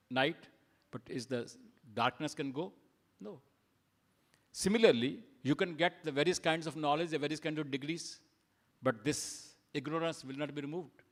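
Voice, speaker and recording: A man giving a sermon at a temple, telling stories and asking rhetorical questions, with his loudness rising and falling. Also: fairly high pitch, normal speed. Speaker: speaker at a temple program.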